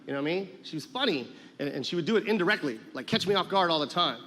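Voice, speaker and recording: A man's voice: on the high side, animated, very fast, pushed and bright. A man telling loose, swearing stories in a live stand-up set, acting out the people in them. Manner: loose storytelling with swearing and act-outs. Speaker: stand-up comedian. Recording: live venue with long reverb and faint crowd noise.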